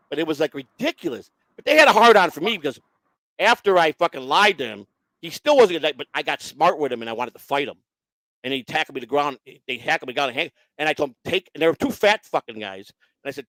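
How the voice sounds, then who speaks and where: A man speaks in a rapid, pitched-up rush, bluntly telling his own story as a guest. He swears constantly and slips into the voices of the people he quotes. His voice sounds close and dry. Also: expressive, fairly bright tone, no room sound. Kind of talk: casual profane storytelling.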